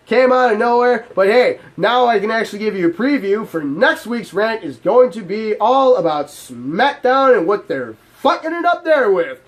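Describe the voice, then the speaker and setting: A man hosting his own channel, delivering a heated, profane, exasperated rant to camera. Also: sits high. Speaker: channel host. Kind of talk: ranting vlog to camera.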